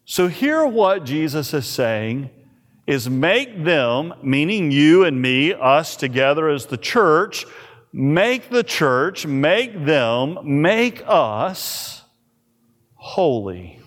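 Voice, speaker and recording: A man pastor preaching a sermon, slow and emphatic, with dramatic pauses on key words. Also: fairly high pitch, big pitch swings, fairly bright tone. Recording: reverberant church hall.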